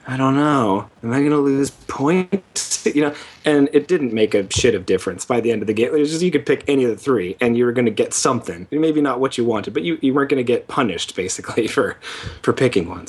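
A man's voice: fairly low pitch, darkish tone, breathy edge. A man co-hosting a casual gaming podcast, rambling through his opinions and teasing his co-host.

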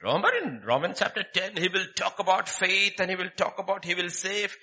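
A man's voice: high-pitched, a little fast, sharp tone. A man preaching a sermon, emphatic and repetitive, firing off rhetorical questions. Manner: emphatic, repeats key phrases, rhetorical questions.

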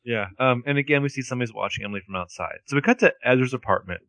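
A man's voice: medium pitch, very fast, a bit bright, no room sound. A man co-hosting a casual chat about a TV show, making wry, joking asides. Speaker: podcast co-host.

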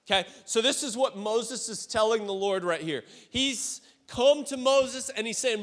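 Male youth pastor, high voice, relaxed conversational sermon, recorded in a reverberant auditorium. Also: a little slow, few pauses. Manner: casual, conversational preaching with direct questions to listeners.

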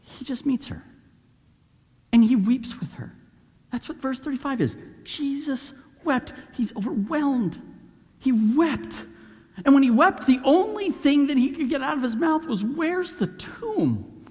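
Animated high-voiced man preaching in a hall. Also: normal speed. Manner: animated, acts out voices of Bible figures. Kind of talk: sermon.

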